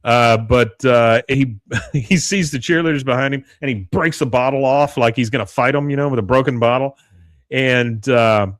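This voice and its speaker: A man's voice: mid-range voice, dry recording. A man co-hosting a podcast, casually recapping a TV episode and briefly acting out characters' lines. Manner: retells scenes, acting out lines in brief voices. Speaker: podcast co-host.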